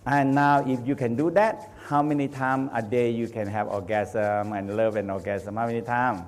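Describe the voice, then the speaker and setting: A man teaching a live workshop in non-native English, animated, laughing often and firing questions at the audience. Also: medium pitch, moderate pace. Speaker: Taoist teacher. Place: training center hall.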